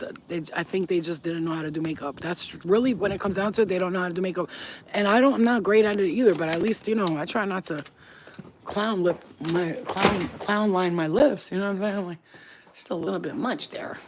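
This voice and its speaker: A woman with a deep voice, a spiritual reader, ranting bluntly and with plenty of swearing in a casual vlog. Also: a little fast, noisy background. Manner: blunt, profane, emphatic. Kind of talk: casual to-camera vlog rant. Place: at home, smoking on camera.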